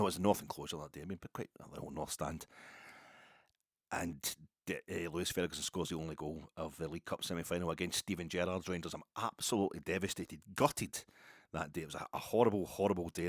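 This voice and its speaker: A man's voice: deep voice, no echo, clean studio sound. A middle-aged Scottish man telling a rambling, self-mocking story on a podcast. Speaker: podcast host. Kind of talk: casual storytelling.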